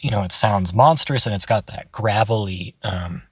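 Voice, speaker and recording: A man giving a relaxed, chatty voice-acting tutorial, laughing often. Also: lowish voice, moderate pace, slightly rough, dry recording. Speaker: voice acting teacher. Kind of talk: casual tutorial. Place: in his car.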